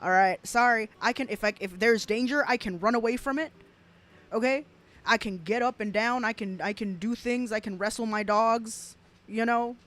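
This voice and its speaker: A woman's voice: fairly high pitch, normal speed, a bit bright, faint music behind. Blunt, profane young woman streamer. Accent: South Texas. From South Texas. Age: 20s. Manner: blunt and profane, with laughing asides and rambling restarts. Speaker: streamer reacting to clips. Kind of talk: casual commentary stream.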